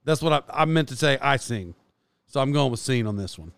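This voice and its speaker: A man's voice: mid-range voice, expressive, a little fast, creaky, a bit bright, clean tone, dry recording. A man in his forties hosting his podcast, chatting in a rambling, self-deprecating way with lots of fillers and restarts. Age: 40s. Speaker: podcast host. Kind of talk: casual rambling monologue.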